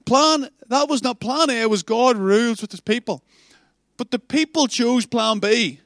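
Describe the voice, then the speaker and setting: Passionate high-voiced preacher. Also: male voice, measured pace, dry recording, clean studio sound. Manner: passionate, animated, self-interrupting; stammering restarts, warm asides. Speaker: pastor. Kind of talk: sermon.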